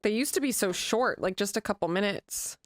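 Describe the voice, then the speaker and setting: Woman, podcast co-host, casual chat, matter-of-fact, middle pitch. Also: expressive, a little fast, no room sound.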